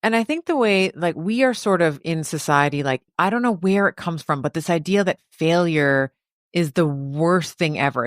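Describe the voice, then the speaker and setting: A woman's voice: on the low side, moderate pace, dry recording, clean studio sound. A woman doctor talking as a guest on a podcast, speaking casually and acting out little voices as she makes her point. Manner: lively, acts out baby talk and inner critic voices. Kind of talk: animated conversational interview.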